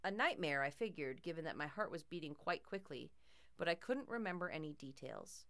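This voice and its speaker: A woman's voice: sits low, animated, fairly quick, fairly bright tone. A woman narrating a first-person horror story in a tense, dramatic way.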